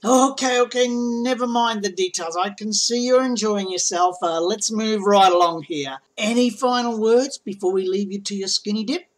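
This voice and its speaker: A man's voice: sits high, moderate pace, few pauses. Jokey Australian man narrating. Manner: jokey, cheerful, teasing. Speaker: guest commentator. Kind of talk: comedic commentary narration.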